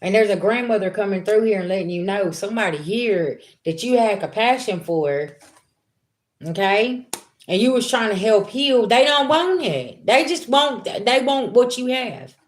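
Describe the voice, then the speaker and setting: A woman's voice: mid-range voice, expressive, normal speed. A woman giving a blunt, profane spiritual reading to her viewers in casual talk. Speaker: spiritual reader.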